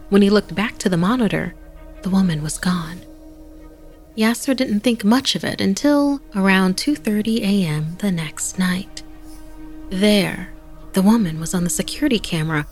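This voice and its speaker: A woman hosting a podcast, narrating a spooky tale in a scripted, hushed manner that often drops to a whisper. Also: on the low side, vocal fry. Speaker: podcast host and storyteller. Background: music bed.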